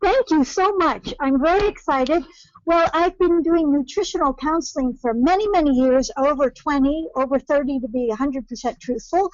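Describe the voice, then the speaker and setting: A woman's voice: high-pitched, moderate pace, dry recording. A middle-aged woman calling into a live webinar as a nutrition counselor, eager and talking in run-on sentences. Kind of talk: casual live call-in. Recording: dull lo-fi online call audio.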